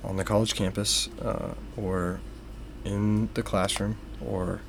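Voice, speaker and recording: A young man with a fairly low voice co-hosts a casual faith podcast. He explains things slowly and carefully and leans on frequent ums. A faint hiss sits behind the voice. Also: level tone, gravelly. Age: young adult. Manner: measured, with many fillers. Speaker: podcast co-host.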